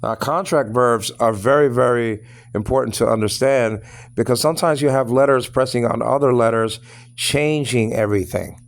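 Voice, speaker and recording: Gravelly male teacher, loose lesson delivery, stops and restarts a lot. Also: medium pitch. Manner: repeats "you understand what I'm saying?"; halting, many fillers and restarts. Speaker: Greek teacher. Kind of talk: informal lesson.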